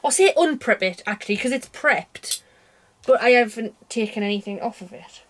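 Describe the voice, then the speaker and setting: The British vlogger, speaking at a moderate pace in a fairly high, animated voice, rambles cheerfully from her bedroom about her cross stitch. It's a casual chat to camera, full of chatty, self-mocking asides.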